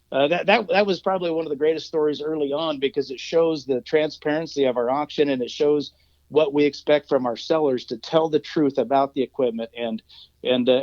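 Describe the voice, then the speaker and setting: A man's voice: fairly high pitch, darkish tone, no room sound. A man, a region manager, telling a long work story in a podcast interview, with many fillers and repeated words. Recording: dull, dry lo-fi sound.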